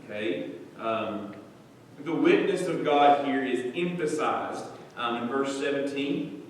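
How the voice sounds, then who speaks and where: A man's voice: mid-range voice, slow. Man, church Bible teacher, asks the room questions, lots of "um", distant mic, long hall reverb, faint background noise. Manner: conversational, asks the congregation questions, frequent "um" and "okay?".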